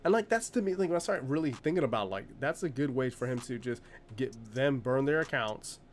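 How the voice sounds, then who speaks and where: A man's voice: mid-range voice, lively intonation, fairly quick, a little hiss or hum. A man hosting a reaction video, commenting in a sarcastic, exasperated way.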